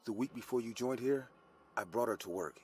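A man voicing a grieving mother, low and urgent. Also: fairly quick, darkish tone, faint music behind, natural voice. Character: grieving middle-aged woman hospital boss, a mother.

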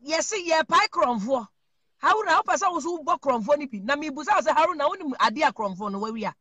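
A person from Ghana with a Ghanaian accent, giving animated commentary to viewers, emphatic and repetitive, mixing Twi and English. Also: sits high, quick pace, dry recording. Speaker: online commentator.

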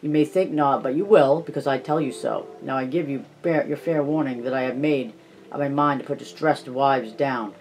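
A man's voice: mid-range voice, normal speed, a little mellow, a little hiss or hum, natural voice. A man reading an audiobook, voicing a pompous, self-satisfied male alderman who talks down to the poor. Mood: smug. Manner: self-satisfied, patronizing, chuckling.

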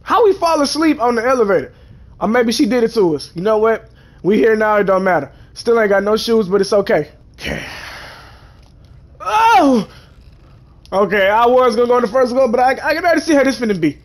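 A man's voice: very high voice, sing-song, a little fast. A young man, doing comedic let's-play commentary and talking to game characters in a mock-dramatic way. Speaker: gaming YouTuber. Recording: game music underneath.

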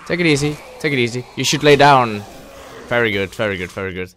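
This medium-pitched man narrates his let's play at a quick clip, muttering to himself and breaking into loud, thrilled yells. A faint hiss or hum runs under the recording.

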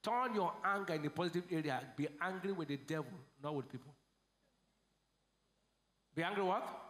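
Nigerian male pastor, high voice, call-and-response sermon, roomy hall. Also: moderate pace. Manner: call-and-response preaching, swings from shouts to low asides. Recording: echoey church hall.

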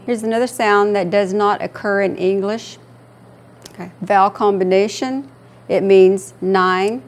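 A woman teaching a language class patiently and slowly repeats each word for her students. Her voice is mid-range with a steady tone.

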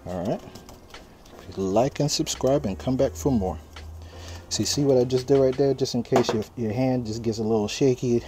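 A man's voice: medium pitch, mellow. A man hosting a casual cooking vlog outdoors at a grill, talking straight to his viewers in a laid-back, chatty way. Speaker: cooking channel host. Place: outdoors at a charcoal grill, windy. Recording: outdoor noise of wind and popping fire. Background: wind and crackling fire.

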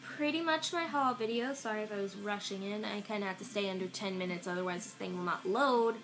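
A woman's voice: medium pitch, fairly quick, poor audio. Rambling young woman vlogger. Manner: rambling and offhand, with fillers. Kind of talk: casual haul vlog. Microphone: iPad camera. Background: faint music from a radio.

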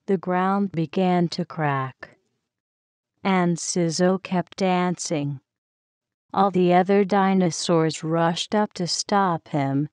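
A woman reading a children's story aloud in a gentle, expressive way. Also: fairly low pitch, slow, clear, resonant tone, no room sound.

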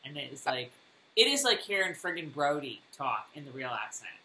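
A woman co-hosting a casual recap chat over a video call, emphatic and animated. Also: a bass voice, a little fast, slight background noise. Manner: animated, emphatic, laughs often. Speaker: podcast co-host. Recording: echoey room over a call.

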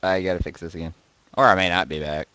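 A man casually reading and joking about viewer posts, laughing often and swinging between loud outbursts and mumbles, close to his desk mic. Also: sits low, fairly even intonation, quick pace, clean tone, no echo, lo-fi sound. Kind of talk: casual commentary. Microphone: desk mic right beside him.

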